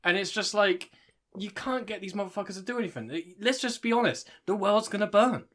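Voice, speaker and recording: A man's voice: sits high, expressive, fairly quick, a bit bright. A young man co-hosting a podcast, talking in blunt, sweary rants in casual chat. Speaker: podcast co-host.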